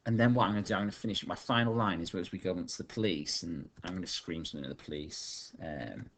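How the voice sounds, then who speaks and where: Male teacher, low voice, slow think-aloud dictation at the keyboard. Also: slight background noise. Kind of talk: online writing lesson while typing.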